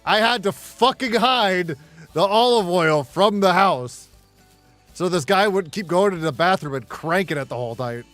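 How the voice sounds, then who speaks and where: A middle-aged man chats through a gaming session, trading blunt, profanity-laced stories and laughing at his own anecdotes. His voice sits a touch higher than most men's, with faint music playing underneath. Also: lively intonation, moderate pace, a bit bright. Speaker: gaming streamer. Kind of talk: casual storytelling while gaming.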